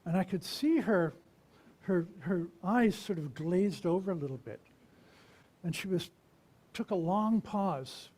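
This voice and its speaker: A minister giving a conversational sermon, asking the congregation questions and pausing to reflect. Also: mid-range voice, lively intonation, warm tone. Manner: unhurried and reflective, with pauses.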